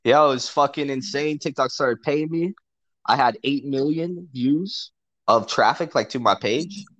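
A man's voice: mid-range voice, measured pace, dry recording. A man telling a crude story to a friend in casual chat, swearing constantly and laughing often. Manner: profane, animated, laughs often. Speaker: podcast co-host telling a story.

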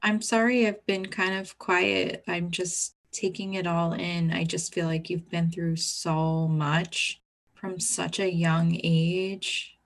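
A woman co-hosting a podcast, speaking gently and reflectively with warm empathy for her guest. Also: lowish voice, flat delivery, takes it slowly, vocal fry. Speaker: podcast co-host. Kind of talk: casual podcast conversation.

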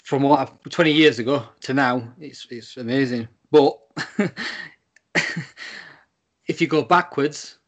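An Englishman with a mid-range voice co-hosts a relaxed podcast over a Skype call. He talks in an easygoing, stop-start way, restarts his sentences and laughs along with his partner. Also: medium pitch, unhurried. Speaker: podcast co-host. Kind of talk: casual chat.

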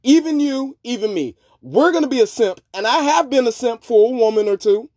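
A man hosting a podcast, talking in a rambling, profane monologue that swings between low mutters and loud outbursts. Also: expressive, fairly quick, no echo, clean studio sound. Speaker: podcast host. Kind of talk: casual monologue.

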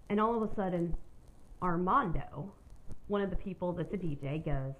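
A woman's voice: on the low side, moderate pace, narrow, tinny audio, a little hiss or hum. A woman hosting her own podcast, telling a personal story in a candid, rambling way and swearing freely. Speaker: podcast host.

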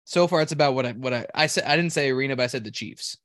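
A man's voice: mid-range voice, racing, a bit bright, no room sound, studio quality. A man telling a story in casual chat, rambling and profane, restarting his sentences often.

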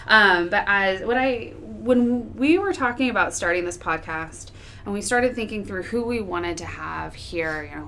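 Lively low woman podcast co-host. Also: gravelly, slight background noise. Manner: bubbly, enthusiastic, laughs often. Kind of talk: casual podcast chat.

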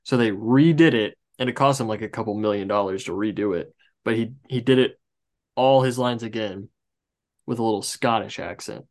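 Podcast co-host, male, lowish voice, relaxed rambling movie chat. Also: moderate pace. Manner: relaxed, rambling with trivia asides. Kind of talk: casual movie review chat.

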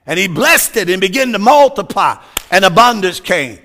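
A man preaching a fervent sermon, shouting his points and calling out hallelujahs. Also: sits high, very animated, normal speed.

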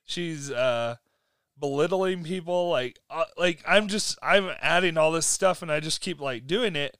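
A man telling stories in casual conversation, animated and laughing often. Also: a little high, unhurried, clear, resonant tone, no echo.

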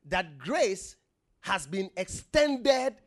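A man with a high voice preaches with a lively, swooping delivery. He takes his time, leaning into each phrase, and throws questions out to the congregation for call-and-response. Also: extremely slow. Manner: emphatic, asks the congregation questions and has them repeat words. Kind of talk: sermon.

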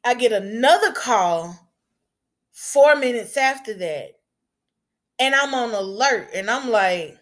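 A woman tells a personal story at an unhurried, lingering pace. Her voice sits a little high for a woman. She talks candidly, drops into hushed pauses and breaks into raised outbursts. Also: expressive.

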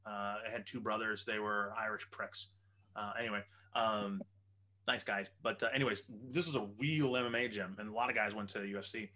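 A man spinning a story on a podcast, animated and quick to swear. His voice is bright and forceful, and it carries the tale in a casual way. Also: lowish voice.

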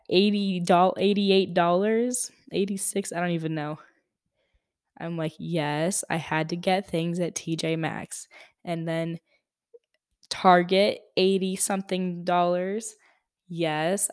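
A woman's voice: on the low side, smooth, no room sound, clean studio sound. A young woman hosting a podcast, telling a story in a chatty, exasperated way with lots of fillers. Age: young adult. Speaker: podcast host. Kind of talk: casual storytelling monologue.

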